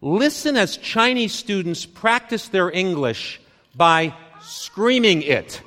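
A man delivers a conference talk in a high, lively voice that rises and falls with every phrase. He speaks slowly in short, punchy lines, and the long reverb of a big hall trails each word. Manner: deliberate, dramatic short phrases with pauses. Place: stage in a large hall.

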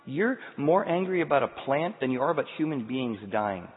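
Animated male preacher in a hall. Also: fairly high pitch, moderate pace. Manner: animated storytelling, shifts from loud to quiet. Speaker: pastor. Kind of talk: sermon. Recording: tinny sound, long hall reverb.

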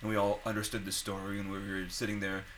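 A young man in casual chat, a crude, animated storyteller among friends. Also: fairly low pitch, quick pace, a little hiss or hum, rough recording.

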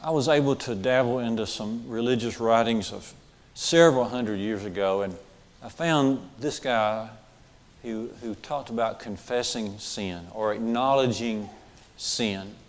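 The sermon comes from a male preacher of medium pitch who takes his time, his voice echoing with big-room sound. He stresses key phrases by repeating them, asks his listeners questions, and says "okay" a lot.

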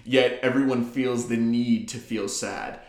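A man with a mid-range voice co-hosting a podcast, laying out his views in a measured, analytical way. The room gives his voice a noticeable echo. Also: mid-range voice, steady tone, darkish tone. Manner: measured, analytical talk with fillers. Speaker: podcast co-host. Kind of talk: casual chat. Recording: roomy echo.

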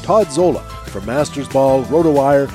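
A man hosting a baseball radio talk show, his voice stuffy and nasal from a cold. He speaks at a middling pitch, with clear music playing under him. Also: lively intonation, moderate pace. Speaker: host.

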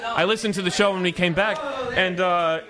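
A man's voice: high-pitched, steady tone, brisk, crowd noise. A man hosting a casual podcast chat, rambling and joking about himself. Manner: rambling, joking, self-deprecating. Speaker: podcast host.

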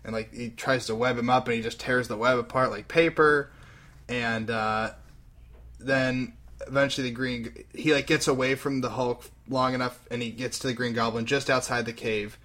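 Animated young man retelling a comic. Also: mid-range voice. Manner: animated retelling, acts out characters in quick put-on voices. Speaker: podcast host recapping a comic. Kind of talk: casual chat.

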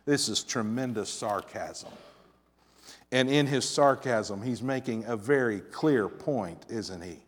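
A man preaching a sermon with scripture reading, dramatic, swinging from loud emphasis to quiet asides with wry humor. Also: medium pitch, takes it slowly, husky. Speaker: pastor. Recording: long reverb of a large hall.

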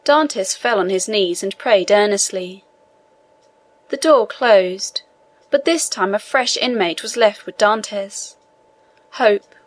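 A woman narrating an audiobook with a steady, plain reading. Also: medium pitch, measured pace, rough recording. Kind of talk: scripted narration.

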